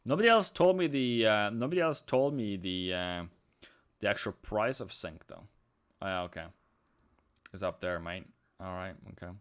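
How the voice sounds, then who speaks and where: A man's voice: lowish voice, normal speed, smooth. A man whose first language is Norwegian, chatting casually on a live trading stream and answering viewers' questions. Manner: chatty, reads chat aloud, sings snatches.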